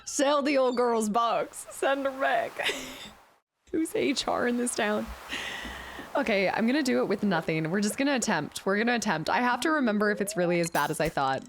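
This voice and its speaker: A young woman live-streaming a video game, chatting casually and reacting with excitement. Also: a little high, normal speed, slight background noise.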